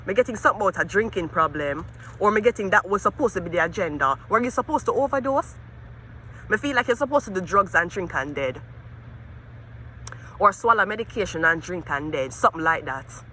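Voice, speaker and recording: Jamaican woman, tarot reader, bright sharp voice, profane ranting, faint traffic noise outdoors. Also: lowish voice, animated, brisk. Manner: profane, cursing, swings between ranting and muttering. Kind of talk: tarot reading vlog.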